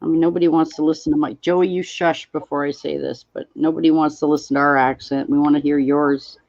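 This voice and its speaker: A woman's voice: sits low, level tone, fairly quick, darkish tone, no echo, lo-fi sound. A woman hosting a live stream, chatting casually and reading out viewer comments as they come in. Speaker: livestream host.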